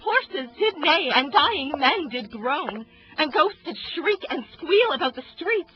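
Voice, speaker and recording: A woman's voice: high voice, very animated, takes it slowly, exaggerated voice. A woman playing a noble Roman wife in a Shakespeare audio drama, delivering verse earnestly and with passion. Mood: fearful. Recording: dull lo-fi audio under music.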